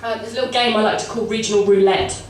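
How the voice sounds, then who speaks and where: On a comedy club stage, a young woman with a cold performs a rambling, self-deprecating stand-up set, giggling between asides. Her mid-range voice is steady in tone and quick, captured from far off in an echoey, noisy club with a live audience.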